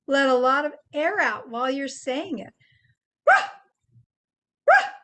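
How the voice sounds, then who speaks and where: An older woman gently teaching children how to make animal sounds, explaining each step patiently. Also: sits high, normal speed. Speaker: children's presenter.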